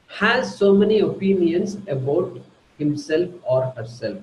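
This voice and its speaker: A man giving a slow, deliberate spiritual lecture, teaching through everyday examples. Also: high-pitched, expressive, reverberant, slight background noise, rough recording. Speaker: Vedanta teacher.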